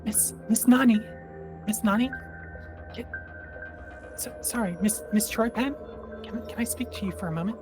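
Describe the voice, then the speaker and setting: Gm doing a jittery hushed mom, stammers and apologizes, music in the back. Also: mid-range voice, normal speed, pauses often, pitched above the performer's own voice, natural voice. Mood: anxious. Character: nervous middle-aged mother, furtive.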